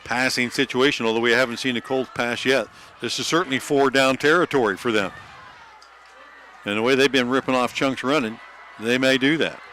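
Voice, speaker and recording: A man giving play-by-play for a high school football game, calling each snap quickly and joking like an auctioneer. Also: bright, forceful tone, a little hiss or hum. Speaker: play-by-play announcer.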